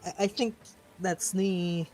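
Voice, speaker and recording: A man running a tabletop game as game master, narrating scenes vividly with sudden loud stresses. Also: sits high, steady tone, slow, no room sound, faint music behind.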